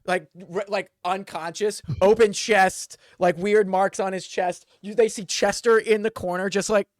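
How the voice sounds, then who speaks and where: A man's voice: high-pitched, fairly even intonation, a little slow, dry recording. A man narrating a tabletop game as dungeon master, rambling and full of fillers.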